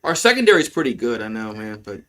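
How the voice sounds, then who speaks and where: He's a fast-talking man with a lowish voice hosting live fan commentary on a game. Excitable and crude, he goes from grumbling under his breath to shouting out the big plays.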